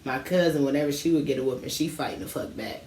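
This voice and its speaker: A woman's voice: extremely low pitch, fast, darkish tone, recorded from a distance. A woman co-hosting a casual late-night chat while smoking, telling childhood stories in a laid-back, slangy way. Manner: laid-back storytelling, lots of slang and laughter. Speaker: podcast co-host. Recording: echoey room, off-mic, faint noise.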